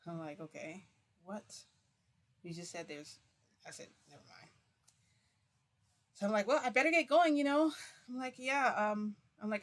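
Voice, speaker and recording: A woman telling a long personal story in a casual, rambling way, constantly switching into quotes with "I'm like" and "he's like.". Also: lowish voice. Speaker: vlogger recounting a reality-shifting experience.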